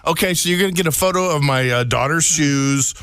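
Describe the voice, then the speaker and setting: A man's voice: on the high side, fairly quick, a bit bright, slight background noise. A man co-hosting a podcast, easygoing and wry in casual chat. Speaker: podcast co-host.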